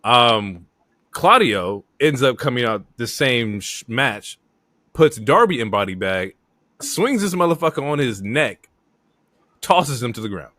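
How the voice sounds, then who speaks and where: A man on a casual wrestling review podcast, recapping in a relaxed, steady way. His voice sits at a middle pitch. The sound is dry and close. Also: unhurried, no echo. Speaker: podcast co-host.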